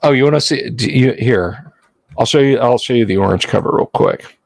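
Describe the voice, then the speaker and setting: A man's voice: mid-range voice, normal speed, creaky, no echo. A man hosting a livestream, chatting casually and jokingly with his viewers and rambling between points. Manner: chatty, rambling, jokey, answers chat. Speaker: livestream host.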